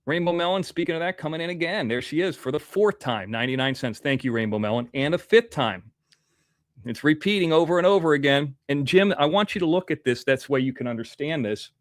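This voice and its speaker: A man's voice: a little high, lively intonation, brisk, no echo, studio quality. A man hosting a casual livestream, rambling as he reads out viewer donations while nursing a toothache. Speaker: livestream host.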